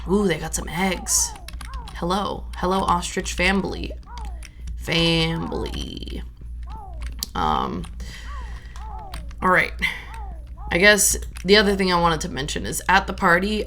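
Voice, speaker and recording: A woman's voice: lowish voice, a bit bright. A young adult woman streaming a farming game, chatting casually in a rambling way with lots of fillers.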